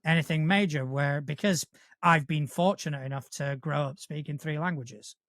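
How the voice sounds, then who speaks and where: A man from Spain co-hosting a podcast who talks in a casual chat style, pausing and restarting often. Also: a little high, fairly bright tone, dry recording, studio quality. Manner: hesitant, with many restarts and fillers. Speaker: podcast co-host.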